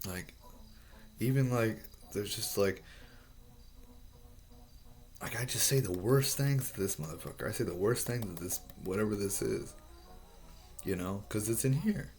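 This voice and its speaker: Low, gravelly, slow-talking man. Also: darkish tone. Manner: profane, halting, full of restarts. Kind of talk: rambling explanation of a drawing.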